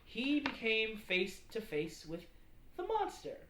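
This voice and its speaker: A woman's voice: on the high side, wildly swooping pitch, takes it slowly. A woman narrating as game master with rambling, filler-heavy descriptions. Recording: echoey room with background noise.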